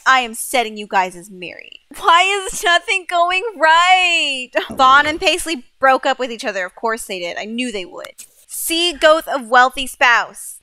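Young woman, high and bright voice, casual gameplay commentary, expressive and easily exasperated. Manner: exasperated, expressive, swears mildly. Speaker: gaming YouTuber.

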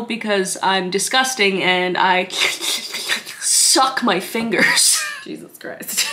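Sarcastic bright-voiced woman. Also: medium pitch. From Canada. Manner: sarcastic, swears freely, laughs often. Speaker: comedy YouTuber. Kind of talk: comedic reaction commentary.

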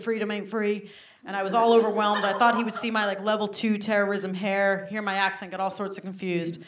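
A woman doing a stand-up comedy set, telling self-mocking stories and talking straight to the crowd. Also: mid-range voice. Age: 30s. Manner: animated, self-mocking storytelling with frequent asides to the crowd. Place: comedy venue with a live audience. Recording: roomy live venue recording.

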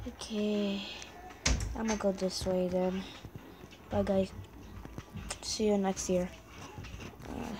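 A woman's voice: mid-range voice, flat delivery, takes it slowly, pauses often, poor audio. A young woman giving casual running commentary on a video game, chatting to viewers and often apologizing to them. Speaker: gaming channel host.

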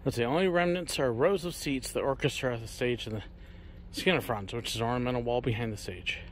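A travel vlogger leads a casual tour of an outdoor Roman amphitheater, speaking fairly quickly at a medium pitch over slight background noise. Slightly out of breath, he talks straight into a handheld camera with no microphone, animated and sometimes projecting like a showman.

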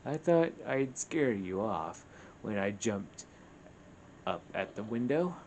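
A man voicing an excitable, friendly male pet dog in a video game, reading its lines with eager, bubbly delivery over background noise. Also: lowish voice, takes it slowly, voice pushed down. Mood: excited.

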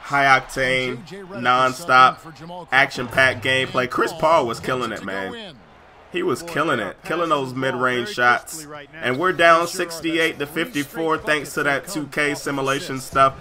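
A man giving excited gameplay commentary over a basketball video game and yelling on big plays. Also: medium pitch, a little slow, crowd noise. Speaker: gaming YouTuber.

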